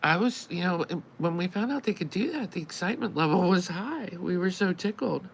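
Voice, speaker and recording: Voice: medium pitch, lively intonation, a little fast, vocal fry, slight background noise, poor audio. A channel host telling a long story in casual live-stream chat, acting out both sides of each conversation with wry exasperation.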